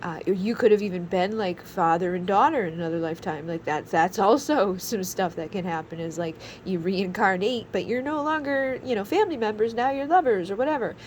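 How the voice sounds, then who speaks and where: A woman's voice: mid-range voice, brisk, few pauses, a little hiss or hum, low-quality recording. A woman in her thirties giving a casual tarot reading, rambling with lots of fillers. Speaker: tarot reader.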